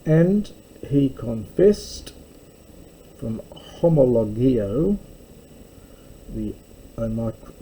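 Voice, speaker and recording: A man teaching a slow verse-by-verse Greek lesson, explaining word by word with pauses and fillers. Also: mid-range voice, mellow, slight background noise, rough recording.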